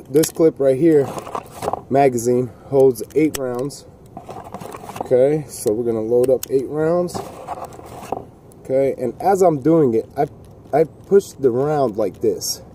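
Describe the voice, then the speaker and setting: A man talks casually outdoors on a cold day, rambling with folksy jokes and asides. His voice is mellow and dark. Faint outdoor noise sits behind him. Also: medium pitch. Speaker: gun video host.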